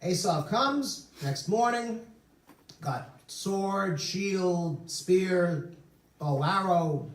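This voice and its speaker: A man preaching as a rabbi, telling stories and slipping in jokes. His voice sits somewhat high and swings widely in pitch. He is recorded from across a roomy, echoing synagogue sanctuary. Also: animated, very slow, recorded from a distance. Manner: storytelling with humorous asides. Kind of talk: sermon.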